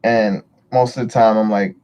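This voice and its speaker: A man's voice: lowish voice, fairly even intonation, moderate pace, mellow, clear, resonant tone. A man chatting casually on a livestream, greeting viewers and rambling with frequent swearing. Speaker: livestream host.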